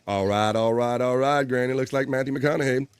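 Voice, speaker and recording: Laughing livestream host reading chat. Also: male voice, mid-range voice, brisk, smooth, dry recording. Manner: laughs often, reads chat aloud, swears casually. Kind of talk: casual chat reading live comments.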